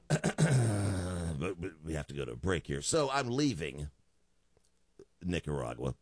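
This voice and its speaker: A man's voice: sits low, big pitch swings, takes it slowly, a little mellow, husky, no room sound. A man in his fifties, a radio talk show host, telling a joking story in a studio.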